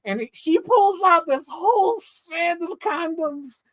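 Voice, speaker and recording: A man giving a casual, animated movie review as a story, swearing freely and getting excited. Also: very high-pitched, normal speed, hardly any pauses, no echo.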